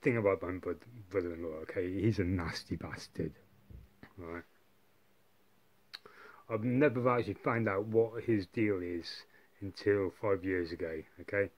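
A man's voice: sits low, unhurried, long pauses. A man telling a long story to camera, rambling and swearing heavily, with constant tag questions like "yeah" and "right". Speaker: vlogger. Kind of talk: casual monologue.

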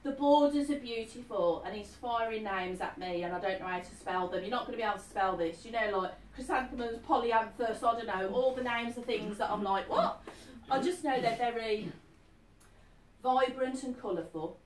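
A woman in her fifties, a medium speaking to a live audience in a chatty, animated way, often checking that her listener follows. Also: a little high, fairly quick, a little hiss or hum. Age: 50s. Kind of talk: live stage reading to an audience. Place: event hall. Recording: echoey hall, distant mic.

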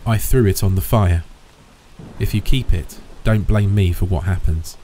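A man voicing a grave, solemn old soldier who speaks slowly and warns of danger. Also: sits low, warm tone, slight background noise, close to an everyday voice, low-quality recording. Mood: solemn warning. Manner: slow and solemn.

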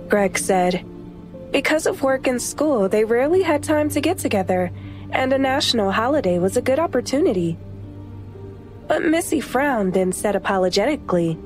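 A woman with a high voice narrates an audiobook in a steady, even way. Soft music plays faintly underneath her reading. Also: normal speed. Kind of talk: scripted narration.

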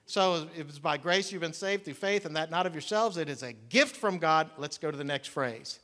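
A man's voice: fairly high pitch, moderate pace, hardly any pauses, bright, forceful tone. A middle-aged man preaching a sermon in a church, folksy and interactive with the congregation. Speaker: pastor. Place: church sanctuary. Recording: long hall reverb.

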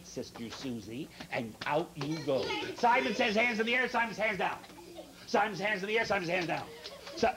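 A man hosting a children's TV show, leading the kids in games with teasing jokes and quick asides. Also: a little high, noisy background. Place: TV studio with children.

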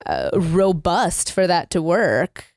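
A woman's voice: fairly low pitch, huge pitch swings, takes it slowly, gravelly, a little mellow, no room sound, clean studio sound. A woman from northern Minnesota co-hosting a podcast, talking candidly and reflectively with some joking. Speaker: podcast co-host. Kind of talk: casual podcast chat.

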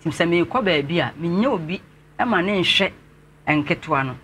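A Ghanaian man speaks as an interview guest, slightly high and bright in tone. He talks earnestly and respectfully, with faint ambient noise behind him. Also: lively intonation, normal speed. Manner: earnest, respectfully addressing the host. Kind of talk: telling his life story in an interview.

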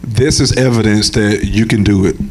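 A man's voice: on the low side, fairly even intonation, moderate pace, a little hiss or hum. A man acting as pastor, interviewing a church member and encouraging single mothers in the congregation. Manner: encouraging, affirming. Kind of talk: church interview and sermon address.

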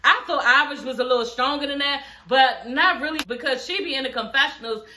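A woman's voice: sits high, fairly quick, pushed and bright, echoey room, a little hiss or hum. A young woman, blunt and profane, recapping a reality show in a casual, sassy chat. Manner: sassy, blunt and profane, laughing through the retelling.

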